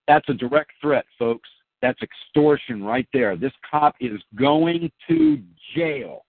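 A man's voice: medium pitch, big pitch swings, normal speed, no room sound. A man hosting a talk show, commenting emphatically and speaking straight to the listeners. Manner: emphatic, addresses listeners as folks. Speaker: host. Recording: dry, phone-like line.

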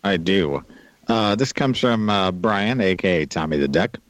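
A man's voice: low-pitched, expressive, unhurried, no echo. A man co-hosting a podcast in casual chat, teasing and joking. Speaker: podcast co-host.

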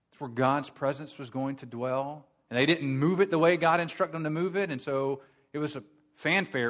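Male pastor, sermon delivery, casual teaching tone that climbs to loud emphatic peaks. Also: mid-range voice. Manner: conversational, rhetorical questions, rises to forceful emphasis. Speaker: preacher. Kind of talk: expository sermon.

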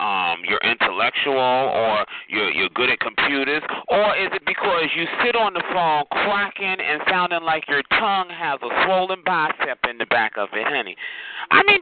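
A man hosting a phone chat line, mocking a caller with campy taunts and calling him child and honey. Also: fairly high pitch. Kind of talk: sassy mocking roast. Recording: tinny phone line with hiss.

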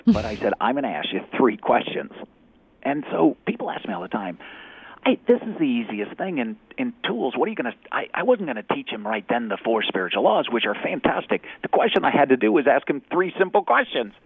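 A man, an executive recruiter, telling a faith story in an animated way, acting out the dialogue and dropping to a whisper at times. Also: mid-range voice, a little fast, creaky, slightly rough. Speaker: executive recruiter, guest speaker. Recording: tinny phone-like radio audio.

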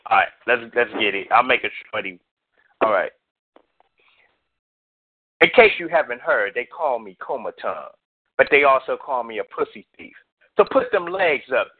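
A man's voice: medium pitch, big pitch swings, moderate pace, long pauses, breathy edge, no room sound. A man from the US West Coast, a guest poet reciting a boastful spoken-word piece in a rhythmic delivery. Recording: tinny phone line.

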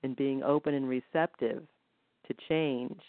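Healer woman guiding a session, soft counting, dry tinny phone-quality sound. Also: very deep voice, fairly even intonation, unhurried, no echo. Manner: gentle, counts rhythms aloud. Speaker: energy healing practitioner. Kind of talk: guided healing session.

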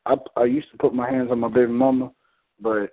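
A man's voice: mid-range voice, level tone, fairly quick. A man on a community call, telling a story in a blunt, heated, profane way. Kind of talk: casual storytelling. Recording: phone-like call audio.

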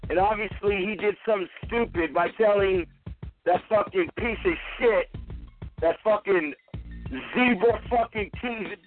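A man's voice: high-pitched, unhurried. A man hosting a live stream radio show, swearing nonstop in an angry rant while drinking. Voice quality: heavy swearing, combative. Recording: tinny phone-like line, faint music.

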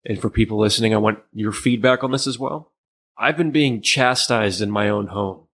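Joking Pittsburgh man, lowish voice. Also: normal speed. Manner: joking, animated storytelling. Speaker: podcast co-host. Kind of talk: casual chat.

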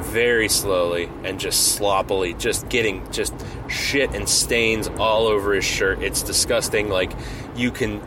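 A man hosting a podcast, telling a comedic story in a rambling way full of fillers and restarts, over a steady background hum. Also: lowish voice. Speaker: podcast host.

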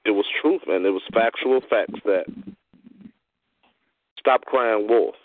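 Male host, low voice, effusive and repetitive, phone-line sound, dry. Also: takes it slowly, dry recording. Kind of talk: casual chat.

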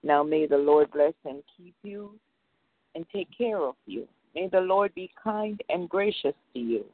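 A woman's voice: deep voice, expressive, a little slow, no room sound. A woman closing a prayer call with a fervent spoken prayer and blessing, repeating "oh God" between phrases. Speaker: prayer line member closing in prayer. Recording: tinny phone line.

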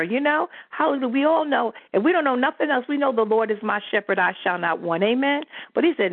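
A woman's voice: fairly high pitch, lively intonation, fast talker, no room sound. A woman preaches with fervor as she leads a prayer call, dropping hallelujahs between her phrases. Her voice comes through a thin, phone-like line. The sound is dry, with no room around it. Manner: fervent, peppered with hallelujahs. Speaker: apostle leading a prayer call.

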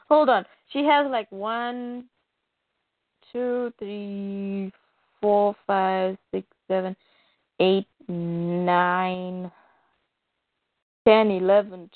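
A woman's voice: medium pitch, no room sound. A woman co-hosting a casual comic book podcast, talking in an exasperated way and mockingly acting out the characters she complains about. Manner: exasperated, counts aloud, mimics characters mockingly. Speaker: podcast co-host. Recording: dry tinny phone-like sound.

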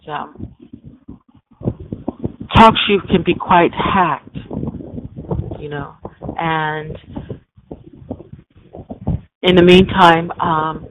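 Man, podcast host, emphatic, preachy, faint hiss. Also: a little high. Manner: emphatic, preachy, repeats "okay?". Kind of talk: call-in podcast monologue. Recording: tinny phone line with faint hiss.

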